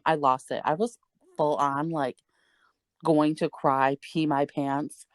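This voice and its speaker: A woman's voice: deep voice, slow pace, pauses often, dry recording. A young woman co-hosting a podcast, telling a story in casual chat, swearing freely and laughing as she goes. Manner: animated, profane, laughing as she tells it. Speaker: podcast co-host.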